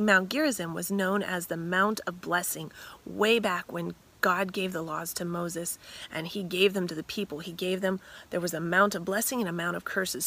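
A woman retelling a scripture story dramatically, animated and often dropping to whispers. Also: on the low side.

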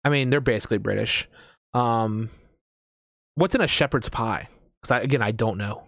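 A man's voice: mid-range voice, moderate pace, vocal fry, a bit bright, dry recording, studio quality. An American man in casual chat as a host, rambling with lots of fillers and casual swearing. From United States.

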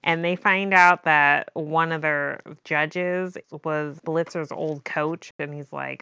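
A woman's voice: low voice, fairly even intonation, takes it slowly, few pauses, bright, forceful tone, smooth, dry recording. A woman co-hosting a podcast, chattily recapping a movie with lots of "like" and laughter. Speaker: podcast co-host. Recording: slightly muffled lo-fi audio.

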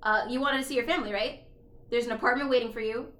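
A young woman with a high voice chats casually on a podcast, recapping a story and slipping into the characters' voices as she goes. She swears freely. The room is echoey. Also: fast. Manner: animated retelling with quoted dialogue, swearing, laughing. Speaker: podcast co-host. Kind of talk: casual chat. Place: apartment.

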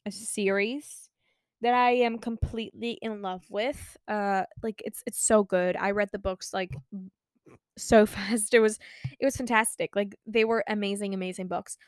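A sixteen-year-old girl from Spain, chatting casually as a podcast host, gushing and excitable and swearing freely. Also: mid-range voice, measured pace, clear, resonant tone, no room sound. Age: teens. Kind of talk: casual chat.

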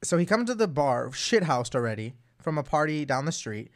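A man's voice: on the high side, a little fast. A young man hosting a casual podcast, telling a bar story with lots of laughter and swearing. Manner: animated, laughs through his stories, swears freely. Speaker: podcast host.

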